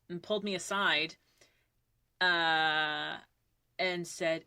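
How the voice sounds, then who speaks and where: Woman voice actor, bright clear voice, chatty story, dry booth sound. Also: mid-range voice, lively intonation, moderate pace, dry recording. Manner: chatty storytelling, acts out quoted lines, swears freely. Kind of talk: casual podcast chat. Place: recording booth. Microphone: studio mic.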